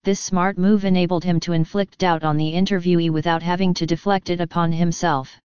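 Very smooth low-voiced woman narrator. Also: fairly even intonation, brisk, darkish tone, no echo, dull audio. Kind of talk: scripted story narration.

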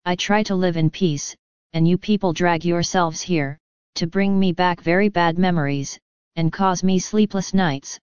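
A man's voice: sits high, fairly even intonation, unhurried, clear, resonant tone, no room sound, dull audio. A woman voicing a bitter, defensive male former inmate who bursts out in anger. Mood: angry. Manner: angry, bursts out.

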